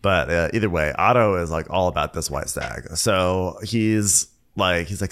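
A man's voice: deep voice, moderate pace, hardly any pauses, fairly bright tone. A man co-hosting a comedic TV recap, sarcastic and laughing, acting out the characters. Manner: laughing, sarcastic storytelling with mock voices. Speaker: podcast co-host.

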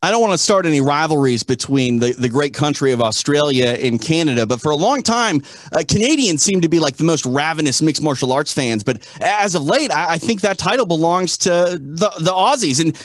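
A man's voice: on the high side, animated, a little fast, no echo, studio quality. A man from the United States hosting an interview, chatting in a playful, mock-serious way. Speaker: interview host. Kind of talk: casual interview chat.

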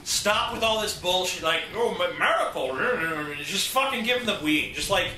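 A blunt, swearing man, exasperated in tone, with a very sharp, lively voice pitched a bit high. He sounds far from the mic in an echoey room. A faint noise sits behind him. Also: moderate pace.

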